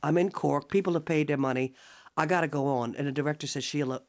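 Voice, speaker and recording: A woman's voice: deep voice, fast. An older woman, a singer guesting on a radio show, chatting and telling stories with lots of laughter and acted-out voices. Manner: lively storyteller, acting out quoted voices; hearty frequent laughter. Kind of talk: casual radio interview.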